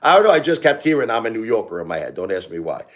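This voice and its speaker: Forties male streamer with a Brooklyn accent; loose, chatty, rambling delivery, slightly low voice. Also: big pitch swings, racing. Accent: New York (Brooklyn). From New York. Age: 40s. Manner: rambling and chatty, full of "you know" and restarts. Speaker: live streamer. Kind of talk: casual live-stream chat.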